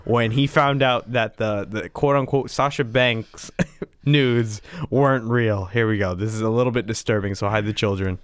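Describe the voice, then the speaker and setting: A man's voice: on the low side, fairly even intonation, normal speed, clean tone. A man co-hosting a podcast, teasing and laughing in casual chat. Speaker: podcast co-host.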